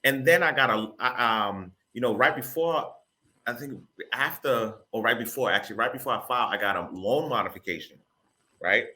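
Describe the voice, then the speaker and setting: A man from the Boston area, a real estate broker, telling his story as an interview guest in an animated, casual way, repeating words and using informal grammar. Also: medium pitch, moderate pace. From Boston area, Massachusetts.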